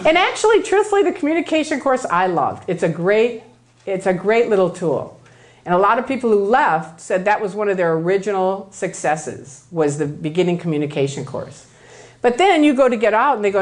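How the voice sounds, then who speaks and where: A woman giving a lively storytelling talk to an audience in a room, acting out other people's voices as she goes. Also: medium pitch, fairly quick. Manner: animated, acts out other people's voices in quotes. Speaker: lecturer.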